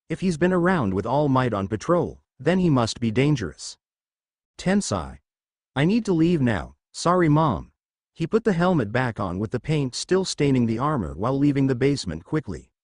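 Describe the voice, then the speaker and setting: A man reads a superhero fan story aloud in a narrating voice that rises and falls in lively swings. The recording is dry and close, with no room sound around him. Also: mid-range voice, dry recording.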